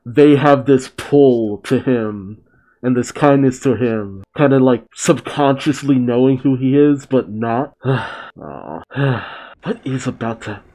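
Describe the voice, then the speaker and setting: A man giving casual live reaction commentary to a TV episode, exclaiming, sighing and thinking out loud. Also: mid-range voice, slow pace. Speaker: reaction video host.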